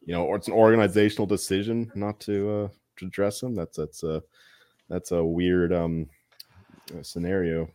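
A man's voice: sits low, fairly even intonation, normal speed, dark tone, dry recording. A man co-hosting a sports betting podcast, chatting casually with a dry, teasing manner. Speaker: podcast co-host.

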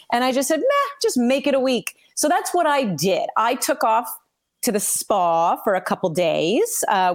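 A woman sports broadcaster chatting casually on a podcast and acting out other people as she tells a story. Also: mid-range voice. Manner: animated storyteller who acts out others.

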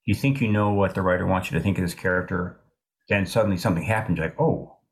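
An older man in his sixties with a low, deep voice talks through his ideas in an interview. He is thoughtful and halting, circling back and restarting his sentences as he works things out. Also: steady tone. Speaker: author being interviewed. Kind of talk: reflective interview talk.

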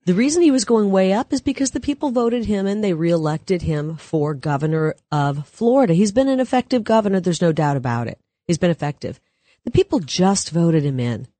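Middle-aged woman guest, forceful punchy delivery, dry close sound. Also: on the low side, expressive, a little fast, no echo. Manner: emphatic, punchy declarations. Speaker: political guest. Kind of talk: casual political talk show.

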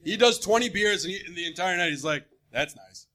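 A man's voice: high-pitched, fast talker. A young man co-hosting a live podcast, joking and laughing through casual banter. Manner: joking, animated, laughs often. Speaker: podcast co-host.

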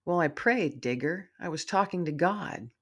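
Soft-spoken loving mom, read by a woman. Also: on the low side, expressive, normal speed. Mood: tender. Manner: soft, gentle. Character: tender grieving mother, soft-spoken.

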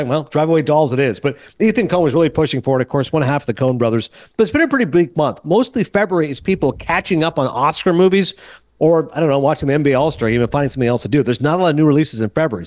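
Fast-talking man hosting a film podcast. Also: on the high side, no room sound. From Canada. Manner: animated storyteller who acts out other people's lines. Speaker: podcast host. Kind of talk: casual film podcast chat.

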